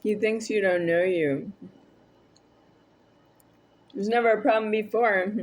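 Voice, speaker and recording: A woman's voice: mid-range voice, slow pace. A woman vlogging a rambling, argumentative monologue to camera, addressing an unseen listener.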